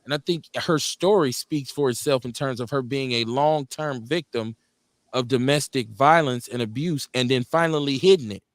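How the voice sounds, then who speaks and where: A man's voice: medium pitch, moderate pace, no room sound. A man hosting a live talk radio show, loose and profane, joking between serious points.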